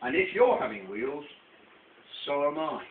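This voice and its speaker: A man's voice: fairly high pitch, sing-song, measured pace. An older man reading aloud, voicing a blunt female frog who scoffs at tall tales, in a tinny, distant home recording. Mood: teasing. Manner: scoffing, teasing. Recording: distant tinny camcorder audio with echo and hiss.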